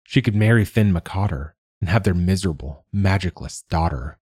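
Low, husky male audiobook narrator. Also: normal speed, darkish tone, dry recording, studio quality. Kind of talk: scripted narration.

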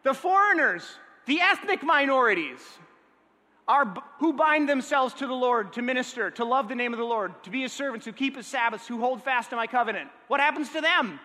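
A man preaching a sermon in a lively, conversational way, often checking in with his listeners. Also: very high voice, a little fast, long reverb tail. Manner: energetic, conversational, checks in with the audience. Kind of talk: sermon teaching.

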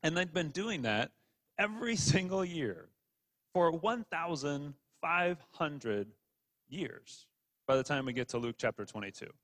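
A pastor preaching a sermon in a relaxed, conversational way, often stumbling over and repeating his words. His voice sits a little high for a man. The sound rings out with a long reverb, like a large church hall. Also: measured pace.

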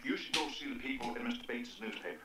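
A man's voice: mid-range voice, racing, lightly acted, poor audio. An actor playing a smug male interviewer, condescending and stammering as he turns an applicant down. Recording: film audio with crowd noise.

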